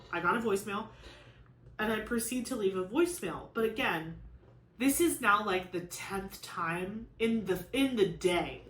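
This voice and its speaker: A woman's voice: medium pitch, fairly bright tone. A young woman chatting casually to camera as a crafting vlogger, telling a long story in a rambling way, full of "like" and restarts. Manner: rambling, filler-heavy storytelling with many "like"s. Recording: echoey room with faint noise.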